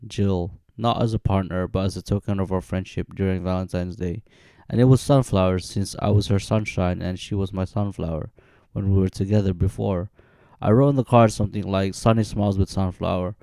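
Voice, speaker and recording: A young man in his twenties narrates his own story from a script, moving through dates and events at a steady, even pace. His voice sits low with a gravelly, creaky edge and a dark, mellow tone. The sound is dry and close. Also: brisk, dry recording. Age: 20s.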